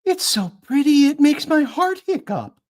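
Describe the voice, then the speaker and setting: A man voicing a chirpy, sing-song, excitable character in an audiobook, high and lively. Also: a little slow, full character voice. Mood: giddy. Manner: giddy, wide-eyed.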